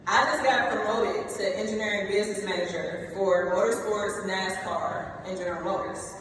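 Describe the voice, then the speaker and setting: A young woman speaking to graduates in a big hall, her voice heard from some distance and ringing with long reverb. She talks straight to the students, lively, checking in with "okay?" between points. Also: medium pitch, moderate pace, noisy background. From Ohio, US. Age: late 20s. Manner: lively, addresses the students directly with "y'all" and "okay?". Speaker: commencement speaker. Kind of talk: motivational speech. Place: large hall.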